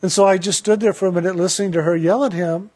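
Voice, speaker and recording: A man giving a reflective spiritual talk and telling a personal story, speaking slowly and deliberately with pauses. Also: high voice, fairly even intonation, darkish tone. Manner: slow, measured, deliberate pauses.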